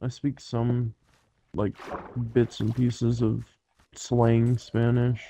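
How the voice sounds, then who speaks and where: A man with a warm, dark voice talking slowly in a casual podcast chat. He answers haltingly, pausing and filling the gaps with hesitations. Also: mid-range voice, completely flat delivery, vocal fry, slight background noise. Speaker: podcast guest.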